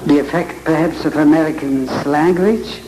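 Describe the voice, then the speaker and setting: A man with a head cold teaching Bible reading to a live audience, speaking with slow, theatrical emphasis. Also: a little high, background noise. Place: large hall with audience. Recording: echoey hall with audience ambience.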